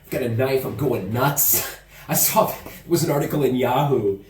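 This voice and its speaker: A man's voice: medium pitch, normal speed, darkish tone. A man from the United States talks animatedly in a casual home vlog and laughs easily as he tells stories. His voice sounds roomy and echoey. He is a little distant from the camera mic. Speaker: vlogger. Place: indoor room at home.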